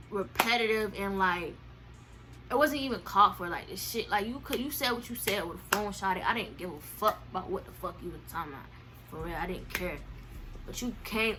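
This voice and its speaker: Animated young woman telling a story. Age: young adult. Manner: animated, slangy, acts out quotes with swings in pitch and loudness. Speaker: storyteller vlogger. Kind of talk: casual storytime.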